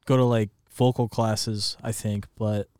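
A man's voice: fairly low pitch, flat delivery, measured pace, warm tone, smooth, no room sound. Wisecracking man on a dry podcast mic. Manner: wisecracking, teasing, swears freely. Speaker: podcast co-host. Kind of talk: casual podcast banter.

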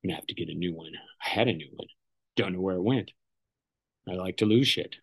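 A man's voice: low voice, fast, creaky, husky. A man hosting his own podcast, talking alone in a loose, rambling way, swearing freely and often stopping to correct himself. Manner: rambling and profane, self-correcting with many restarts. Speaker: podcast host. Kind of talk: casual solo podcast monologue.

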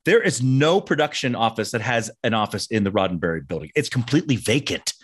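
A middle-aged man co-hosting a podcast, telling stories in casual chat with quick restarts. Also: medium pitch, husky. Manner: animated storyteller, quick restarts. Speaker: podcast co-host.

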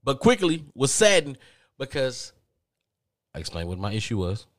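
Recorded dry at studio quality, a man from the American South with a medium-pitched voice and a Southern accent spins a comedic tale on his podcast. He gets animated, voicing the other people on a phone call and playing both sides in rapid voices.

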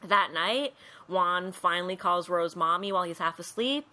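A woman's voice: on the low side, normal speed, sharp tone. A woman co-hosting a podcast, casually recapping a film and acting out the quotes. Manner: chatty, acts out quotes, says 'like' a lot. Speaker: podcast co-host.

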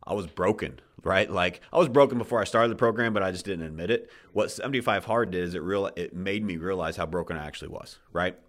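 Deep-voiced man, passionate and swearing. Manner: passionate, swears often, restarts sentences. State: emotional. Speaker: podcast host. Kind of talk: casual podcast talk.

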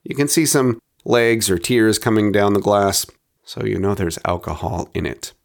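A man hosting a podcast, describing a bottle and tasting it in a measured, descriptive way, with quieter asides as he handles it. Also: fairly low pitch, creaky. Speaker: podcast host reviewing spirits. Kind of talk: scripted review narration.

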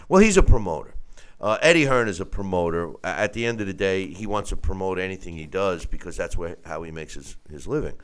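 A man's voice: deep voice, a little fast, clear, resonant tone. A man hosting a boxing talk show, rambling through listener emails with many fillers and restarts. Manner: rambling, full of fillers and restarts, laughs often. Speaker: radio show host.

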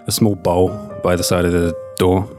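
A man's voice: deep voice, level tone, normal speed, music in the background. A man playing a tabletop role-playing game, describing his character's actions with hesitant fillers. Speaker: player.

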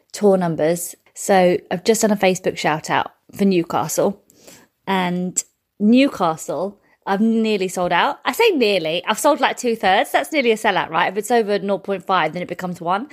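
A woman with a cold and a sore throat records a rambling, self-mocking video diary from her bedroom. Her voice sits at an ordinary middle pitch and has a casual, joking delivery. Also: animated, normal speed. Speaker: touring stand-up comedian.

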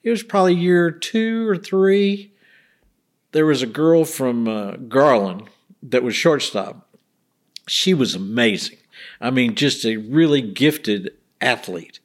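A man's voice: medium pitch, animated, slow. A middle-aged man, a bereaved father telling earnest stories in a casual interview and acting out the people he quotes. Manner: earnest, acts out quoted voices.

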